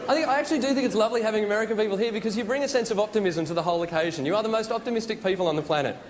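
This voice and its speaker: A man's voice: high voice, racing. Wry Australian man hosting an awards show. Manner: dry, wry joke delivery. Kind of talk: stand-up comedy monologue. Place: large theatre at a live awards ceremony. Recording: live stage with crowd and noise.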